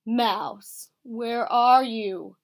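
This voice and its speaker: A woman's voice: a little high, steady tone, very slow, vocal fry, full character voice. A woman voicing a formal, stuffy male bear in a storybook, with a stately way of speaking.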